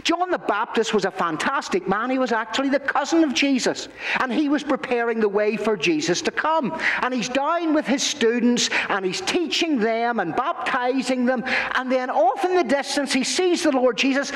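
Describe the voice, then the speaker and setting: Playful male pastor telling a kids' story in church, high-pitched, long hall reverb. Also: lively intonation, moderate pace, fairly bright tone. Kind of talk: children's sermon.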